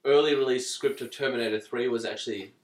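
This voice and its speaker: A man's voice: medium pitch, steady tone, fast. Blunt, jokey male podcast host, roomy. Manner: jokey, blunt, swears freely. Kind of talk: casual chat.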